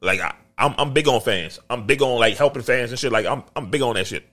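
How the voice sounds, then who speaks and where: A young adult man co-hosting a podcast in casual chat, a profane, animated storyteller. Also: medium pitch, fairly quick. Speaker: podcast co-host.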